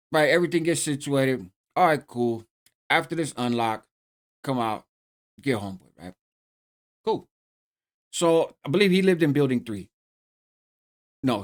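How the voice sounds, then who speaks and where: A man's voice: medium pitch, darkish tone. A middle-aged man casually telling a story in streetwise slang, often checking in with "right?". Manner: streetwise slang, frequent "right?" tag questions. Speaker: host telling a prison story.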